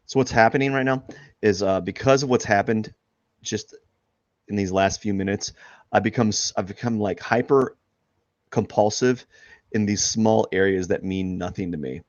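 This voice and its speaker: A man with a fairly low voice chats off the cuff while he paints on a live stream. He wanders through his thoughts, stops and restarts his sentences, and laughs at his own situation. The sound is dry and a little dull, like a lo-fi home setup. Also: moderate pace, dry recording. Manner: rambling, many restarts and fillers, laughs at himself. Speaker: artist streaming live drawing. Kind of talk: casual talk while drawing live.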